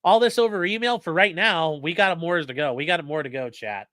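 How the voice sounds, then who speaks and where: A man's voice: a little high, a little fast, a bit bright, dry recording, studio quality. A male lawyer giving blunt, profane live-stream commentary and reading out chat.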